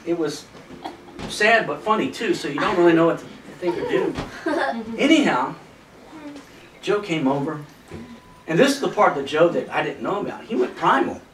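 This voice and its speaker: A man's voice: a little high, very animated, moderate pace, long pauses. A man telling a funny hunting story in a casual way, laughing often as he talks. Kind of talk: casual anecdote. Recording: roomy distant camcorder audio with loud noise.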